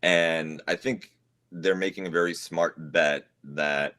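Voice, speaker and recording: Podcast host, man, very low voice, deadpan irony. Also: slow. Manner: dry and sarcastic. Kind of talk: casual chat.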